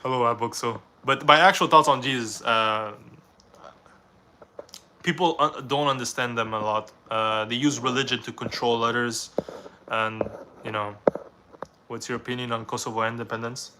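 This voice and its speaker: A man's voice: mid-range voice, steady tone, normal speed, noisy background. A young man from Canada, reading viewers' questions aloud on a live stream and answering them in a casual, rambling way.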